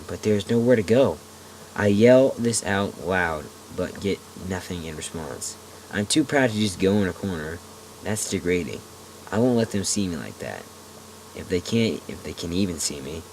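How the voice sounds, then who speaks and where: A young man reading a creepypasta aloud at home, dropping low for narration and shouting the quoted lines. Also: a little hiss or hum, rough recording. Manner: swings from low muttering to loud yelling in quoted lines. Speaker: amateur narrator. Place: home room.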